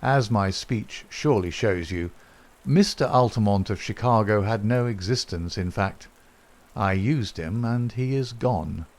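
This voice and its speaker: A man voicing a calm, middle-aged gentleman detective who speaks in a measured, dryly ironic way. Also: fairly low pitch.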